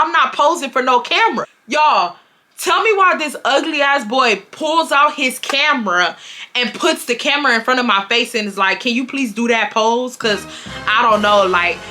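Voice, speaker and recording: A woman in her twenties from Houston telling a storytime vlog in an expressive, slangy way, acting out what people said. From Houston, Texas. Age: 20s. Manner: expressive, slangy, acts out quotes with pitch jumps. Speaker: storytime YouTuber.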